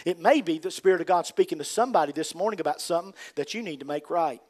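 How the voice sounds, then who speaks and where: An older man with a Southern accent from North Carolina preaching a fervent sermon, swinging from loud emphatic rises to quiet asides. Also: fairly high pitch, fast. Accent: Southern American. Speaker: pastor.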